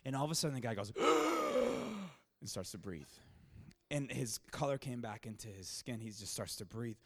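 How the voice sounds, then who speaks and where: Man, pastor, sermon storytelling, casual, rambling, filler-heavy, excitable. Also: lowish voice, a little fast. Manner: grows louder and more excited at dramatic moments.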